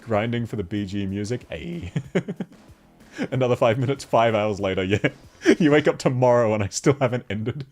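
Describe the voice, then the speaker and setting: A man's voice: mid-range voice, expressive, moderate pace, darkish tone, faint music behind. A man from Australia with an Australian accent, chatting casually on a live stream, laughing often as he answers chat.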